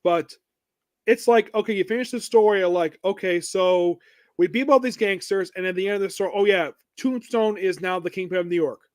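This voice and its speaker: A man's voice: high voice, brisk. A man co-hosting a casual comic book discussion, rambling and hesitant with many restarts. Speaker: podcast co-host.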